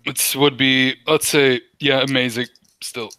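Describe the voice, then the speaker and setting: A man's voice: mid-range voice, level tone, a little slow, pushed and bright, no echo. A young man running a tabletop game in a casual, easygoing way. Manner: casual, easygoing, laughs often. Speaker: game master.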